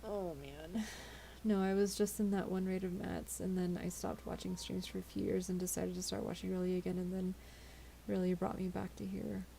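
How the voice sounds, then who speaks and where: A woman streamer talks to her chat late at night, worn out and yawning. Her voice is mellow with a husky, gravelly fry, and she rambles and giggles as she goes, and a faint hiss sits under the recording. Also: fairly low pitch, flat delivery, normal speed. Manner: chatty, giggly, stumbling over words. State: tired, yawning. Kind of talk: casual live-stream chat with viewers.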